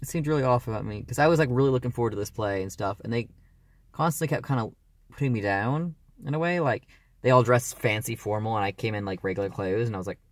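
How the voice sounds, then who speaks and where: A man's voice: medium pitch, quick pace, no room sound. A man in his early twenties talking casually in a personal vlog, rambling and hesitant with lots of fillers. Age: early 20s. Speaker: vlogger.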